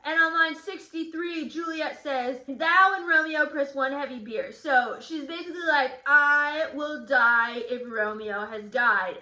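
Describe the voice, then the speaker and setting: A woman's voice: sits high, sharp tone. A woman teacher giving a recorded literature lesson, explaining the plot and acting out the quoted lines. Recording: echoey room.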